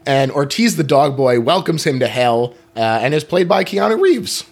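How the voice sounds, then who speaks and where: A man's voice: on the high side, lively intonation, normal speed, gravelly. A man hosting a movie podcast, recapping scenes in an upbeat way and laughing as he goes. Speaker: podcast host. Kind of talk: casual movie chat.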